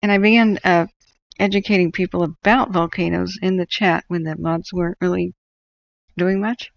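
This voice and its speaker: A woman's voice: on the low side, fairly even intonation, moderate pace, gravelly, no room sound, muffled recording. A woman from northern California hosting a livestream, telling rambling stories with frequent laughs. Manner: rambling storyteller, laughs often. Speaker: livestream host. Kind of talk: casual chat while tracking wildfires.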